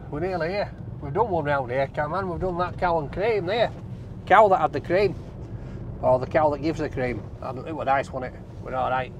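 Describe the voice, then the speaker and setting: A chatty, jokey Yorkshire man, a food vlog host, talks casually from inside a moving car. His voice sits a little high for a man. Faint traffic noise hums behind him. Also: brisk. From Barnsley, England. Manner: chatty, jokey, banter with cameraman. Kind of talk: casual vlog chat while driving. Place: inside a car driving through town.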